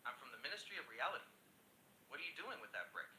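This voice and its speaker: A stuffy official in a suit, read by an AI voice in a man's tone. The voice is bright and lively in pitch. It echoes in the room, with a faint rumble underneath. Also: fast talker. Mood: snooty. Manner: spoken by an AI voice.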